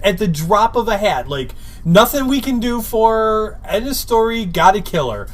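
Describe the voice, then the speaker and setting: A man's voice: high voice, big pitch swings, moderate pace. A man co-hosting a podcast, chatting casually and jumping in with his own points. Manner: conversational, jumps in with comments. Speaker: podcast co-host.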